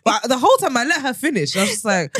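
A woman chatting on a podcast, her pitch leaping up and down as she re-enacts the people in her stories. The recording is close and dry, with no room sound. She laughs often between her lines. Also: fast talker, slightly rough, no room sound. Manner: animated storyteller, acts out quotes with laughter. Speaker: podcast co-host. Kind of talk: casual chat.

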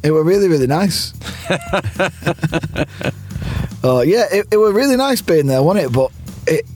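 A man's voice: a little high, animated, a little slow, a little mellow, soft background music. A man chatting and teasing his friend outside a football ground, laughing a lot. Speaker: podcast co-host. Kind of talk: casual chat with a friend. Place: outdoors near a football ground, by a car.

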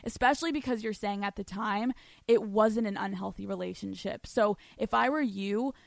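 A woman's voice: medium pitch, normal speed, gravelly, dry recording. A young adult woman hosting a podcast, chatting casually and bluntly with lots of swearing, telling stories and answering listener letters. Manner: blunt, profane, animated storytelling. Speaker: podcast host. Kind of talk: casual advice chat, reading listener letters.

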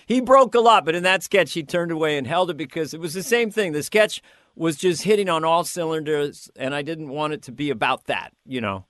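Man, higher-pitched voice, animated storyteller, quick character voices, dry close sound. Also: no room sound. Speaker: guest comedian. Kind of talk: casual interview storytelling.

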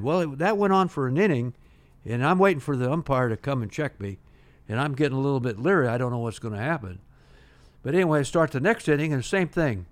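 An older man, a retired pitcher, telling long anecdotes in a casual interview, with many restarts and "uh" fillers. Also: animated, a little fast.

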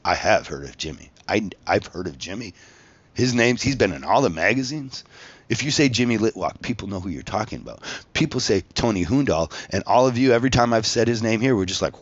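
A man's voice: lowish voice, animated, fairly quick, no echo. A man telling a story about his time as a tattoo artist on a show, in an angry rant full of swearing. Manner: angry, profane, emphatic. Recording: dull lo-fi recording.

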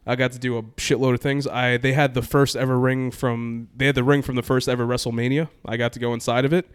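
Fast-talking man telling a story. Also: medium pitch, clear, resonant tone. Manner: animated, acts out quoted exchanges with laughs. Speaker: podcast co-host telling a trip story. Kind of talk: casual storytelling chat.

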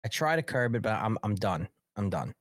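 A man's voice: on the low side, big pitch swings, brisk, no echo, studio quality. A man hosting a live political talk show, ranting angrily with heavy profanity. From New York. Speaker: host.

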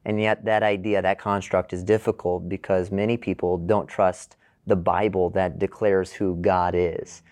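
Casting: very deep-voiced male podcast host, earnest, close dry mic. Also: little pitch movement, normal speed, a little mellow, no room sound. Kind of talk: podcast intro and interview questions.

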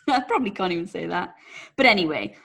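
A woman's voice: lowish voice, sing-song, normal speed, vocal fry, fairly bright tone, husky. A woman co-hosting a podcast in casual chat, chatty and self-mocking, often giggling. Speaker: podcast co-host.

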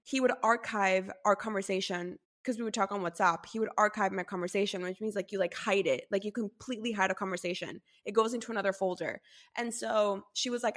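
A woman's voice: medium pitch, fairly even intonation, fast, a bit bright. A young woman in casual chat, telling stories in a blunt, profane way.

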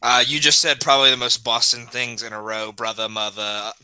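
A man's voice: mid-range voice, level tone, fairly quick, bright, forceful tone, clear, resonant tone, dry recording, rough recording. A man from Mississippi with a Southern accent, a guest co-host on a podcast, laid-back, laughing easily and giving short replies. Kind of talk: casual podcast chat.

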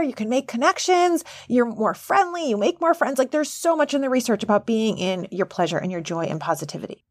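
Middle-aged woman host, higher-pitched, chatty and laughing, dry close-mic sound. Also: no echo. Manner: chatty, laughing, animated asides. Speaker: podcast host and coach. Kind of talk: casual monologue.

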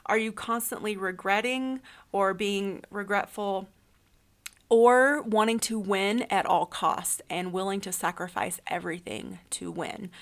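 A woman giving a reflective spiritual self-help talk, asking the listener many questions in an earnest way. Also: mid-range voice. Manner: uses fillers like um and you know. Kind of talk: solo spiritual talk, podcast-like.

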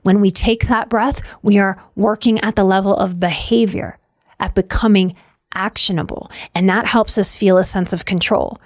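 A woman giving a self-help talk on anxiety, slow and soothing, repeating key phrases with emphasis. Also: medium pitch, no room sound, clean studio sound.

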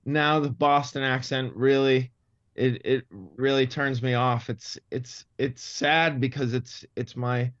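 A man's voice: mid-range voice, fairly even intonation, slow, fairly bright tone, no room sound, highs cut off. A man in his fifties from Massachusetts, speaking in a neutral Midwestern-style American accent as an interview guest, thoughtful and full of stammering restarts. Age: 50s. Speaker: comedian guest. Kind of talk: interview conversation.

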